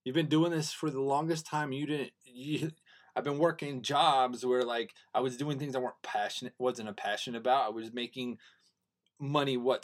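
A fairly high-voiced young man talks alone into his podcast mic. He is earnest and excitable, and he rambles and restarts as he goes. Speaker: podcast host. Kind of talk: solo podcast monologue.

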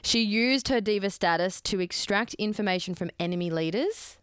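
A woman's voice: medium pitch, moderate pace, clean tone, dry recording. A young woman chatting as a podcast co-host, telling a history story with playful asides. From Australia. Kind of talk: casual chat.

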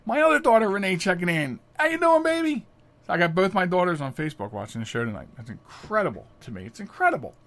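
A middle-aged man hosting a podcast, telling stories casually, chatty and animated, often laughing. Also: high voice, fast talker, few pauses. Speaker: podcast host. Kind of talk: casual storytelling monologue.

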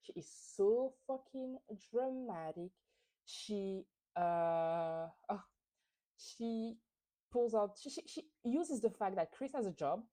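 A woman's voice: mid-range voice, expressive, slow, dark tone. A woman hosting a podcast, recapping a reality show in a casual, opinionated, gossipy way with lots of fillers. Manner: opinionated and chatty, with many fillers. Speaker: podcast host.

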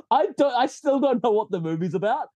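A man's voice: extremely high pitch, big pitch swings, unhurried, mellow, no room sound. A young man with a New Zealand accent, chatting casually as a podcast guest, rambling and laughing often. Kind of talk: casual chat.

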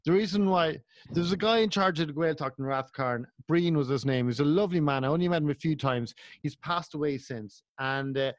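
Irish man, casual co-host, high voice, laughs through his stories, dry close sound. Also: a little fast, no echo. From Ireland. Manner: laughing storyteller. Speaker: podcast co-host. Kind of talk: casual chat.

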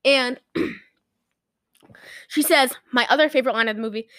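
Giggly, rambling woman with a higher voice. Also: unhurried, a bit bright, dry recording, studio quality. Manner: rambling, giggly, acts out quoted lines. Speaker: podcast co-host recapping a movie. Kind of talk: casual chat.

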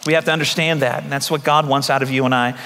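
A man's voice: medium pitch, fairly even intonation, quick pace, gravelly, sharp tone, in a large hall. A man preaching a sermon as pastor, talking in a conversational way with repeated phrases and acted-out voices.

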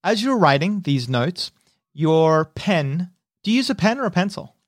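A man narrating as game master in a relaxed, descriptive way with halting restarts. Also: high-pitched, no echo, clean studio sound.

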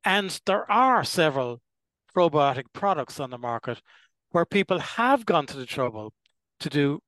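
Older guy explaining things slow and careful, bit high-pitched, dead dry audio. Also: very animated, a bit bright, dry recording, rough recording. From Ireland. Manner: measured, deliberate, clears his throat now and then. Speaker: gastroenterologist guest. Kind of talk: explanatory interview answers.

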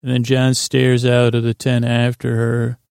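A man's voice: mid-range voice, monotone, a little slow, vocal fry, darkish tone, clear, resonant tone, dry recording, clean studio sound. A man hosting a bedtime podcast, giving a meandering, loose retelling of a TV episode with lots of fillers. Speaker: podcast host. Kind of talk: rambling bedtime episode recap.

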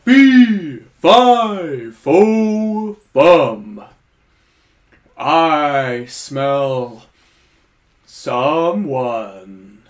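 A bumbling, good-natured giant, voiced by a man for a comedy sketch. He speaks slowly and swoops his pitch up and down as he clumsily reaches for rhymes. The voice sits a little high for a giant and stays goofy throughout. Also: sing-song. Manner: slow, goofy sing-song rhyming. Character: clumsy friendly male giant, bad at rhyming.

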